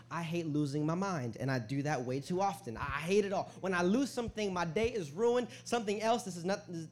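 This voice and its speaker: A young man preaching a sermon in a church, joking with the crowd and telling stories in casual slang. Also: a little high. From Hispanic family in the US. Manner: hype-man calls to the crowd, jokey; conversational, slangy storytelling. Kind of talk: sermon with prayer and storytelling. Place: church sanctuary.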